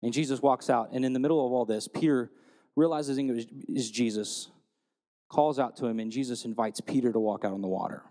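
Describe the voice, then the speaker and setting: A man preaching a sermon, telling stories and retelling scripture in a lively storytelling way. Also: mid-range voice, a little fast, big-room sound. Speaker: pastor.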